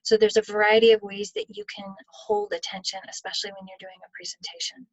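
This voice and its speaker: A woman's voice: mid-range voice, sing-song, quick pace, creaky, highs cut off. A woman presenting a live leadership webinar, answering audience questions in a conversational way and acting out little examples. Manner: conversational, explaining with acted-out examples. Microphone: computer mic on video call.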